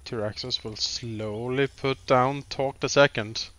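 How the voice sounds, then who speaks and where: A man playing a tabletop game, describing his character's actions slowly and deliberately. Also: medium pitch, fairly even intonation, fairly bright tone. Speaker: player.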